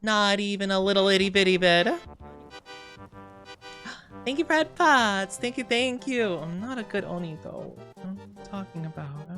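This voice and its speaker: Chatting with viewers during a game stream, a young man brushes off their teasing with playful denials. He speaks at a moderate pace in a high, expressive voice that's pushed and bright, over soft background music.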